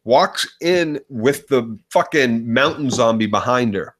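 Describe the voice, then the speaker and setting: A man co-hosting a casual podcast chat, retelling scenes in an animated, profane way. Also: medium pitch, a little slow. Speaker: co-host.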